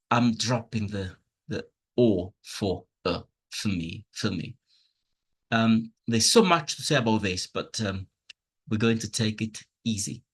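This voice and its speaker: A man explaining pronunciation over slides, unhurried and patient. His voice sits a little low and has a husky edge. He is openly enthusiastic about teaching. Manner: slow, patient explaining with spoken examples. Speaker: English teacher.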